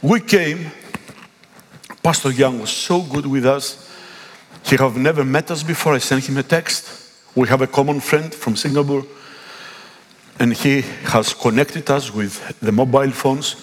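A middle-aged man from Greece with a Greek accent, preaching a sermon and telling a story with emphatic, animated delivery. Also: medium pitch, measured pace, long pauses. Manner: animated, emphatic, acts out dialogue. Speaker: pastor. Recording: echoey hall.

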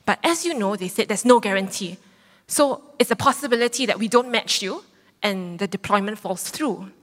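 A woman in her thirties preaching, telling a personal story with lively acted-out quotes. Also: mid-range voice, normal speed. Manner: animated storytelling, acts out quotes. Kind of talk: sermon testimony. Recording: long hall reverb.

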